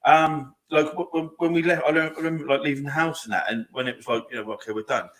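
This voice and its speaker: Fast-talking man, blunt and sweary. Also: on the high side, fairly even intonation, a bit bright. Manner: fast, emphatic, heavy swearing, says "mate" often. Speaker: podcast co-host. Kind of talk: casual podcast chat.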